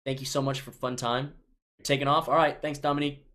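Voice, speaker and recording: A man's voice: mid-range voice, level tone, fast talker, a bit bright. A man in his thirties from Chicago, casually reading viewer questions aloud on a live stream and answering them offhand, often restarting his sentences. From Chicago, United States. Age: 30s.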